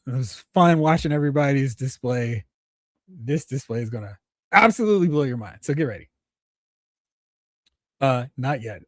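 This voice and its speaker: A man's voice: medium pitch, breathy edge. A man with a mid-range voice hosts a live stream in a loose, rambling way. He reacts with enthusiasm, speaks straight to the people in his chat, and often stops to restart a thought. The sound is dry and close, with no room echo. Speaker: toy collecting show host. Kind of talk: casual livestream chat.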